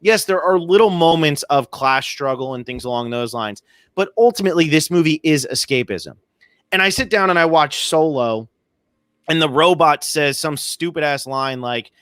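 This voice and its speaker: A man's voice: fairly high pitch, animated, moderate pace, a bit bright, no room sound, clean studio sound. A man co-hosting a podcast, giving his opinions on films in a casual, ranting way. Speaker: podcast co-host. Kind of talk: casual film discussion.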